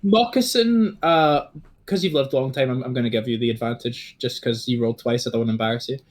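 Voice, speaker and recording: A man's voice: medium pitch, quick pace. A man running a tabletop game as game master, rambling with many fillers and restarts.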